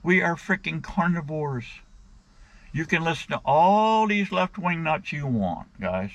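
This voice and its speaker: A man's voice: fairly high pitch, expressive, a little slow, muffled recording. Blunt middle-aged man ranting crudely. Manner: blunt, crude, keeps addressing "guys". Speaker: vlogger. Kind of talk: casual rant to camera.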